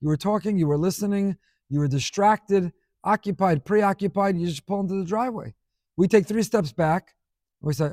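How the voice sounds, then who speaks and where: A man's voice: high-pitched, moderate pace, a little mellow, no echo, studio quality. A man teaching a Torah lesson as a rabbi, speaking emphatically and stacking up repeated phrases. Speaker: rabbi teaching a weekly class.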